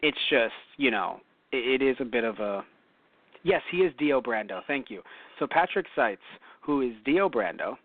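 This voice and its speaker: A New York man co-hosts a casual talk show in a mid-range voice with lively intonation, speaking at normal speed. He rambles, corrects himself, and uses plenty of fillers. The audio is dry and lo-fi, like a phone, with no echo.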